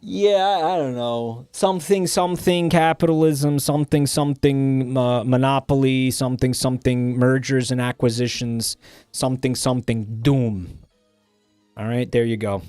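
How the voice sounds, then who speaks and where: A man's voice: medium pitch, fairly even intonation, moderate pace, a little mellow, smooth, no echo, studio quality, soft background music. A man streaming live and chatting casually, joking around and swearing freely.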